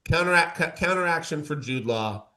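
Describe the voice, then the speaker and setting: A man's voice: a little high, lively intonation, moderate pace, bright, forceful tone. A man co-hosting a casual podcast debate, talking in an emphatic, campy, joking way. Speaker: co-host.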